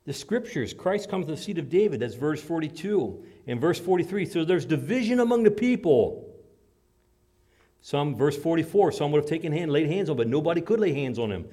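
Male preacher, emphatic and dramatic, lively pitch that sits a little high. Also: brisk, husky. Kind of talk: sermon.

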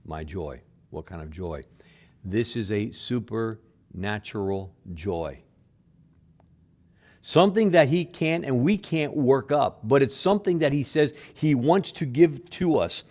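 A male pastor preaching a sermon, moving between loud emphatic lines and quiet low asides, often repeating words and acting out quoted speech softly. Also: animated, unhurried.

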